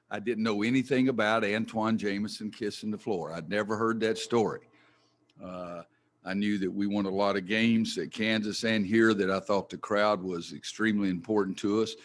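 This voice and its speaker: An older man, a head basketball coach answering press conference questions in a folksy, blunt way that gets worked up. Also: lowish voice.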